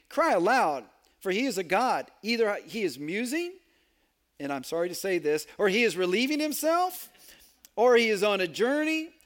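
Man, pastor, sermon, earnest and emphatic, rather high voice, reads scripture aloud. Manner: earnest, emphatic, with small stumbles and asides.

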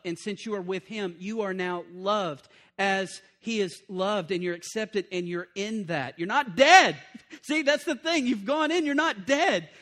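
A middle-aged man preaching a sermon, animated and conversational, repeating points and breaking into asides. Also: high voice.

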